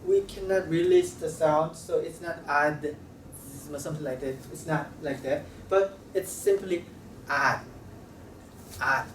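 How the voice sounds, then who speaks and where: A man teaching a language lesson, talking haltingly and repeating sounds to demonstrate them. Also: on the high side, big pitch swings, gravelly, warm tone. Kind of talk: classroom lecture at a board. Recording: roomy, slightly distant mic with faint room noise.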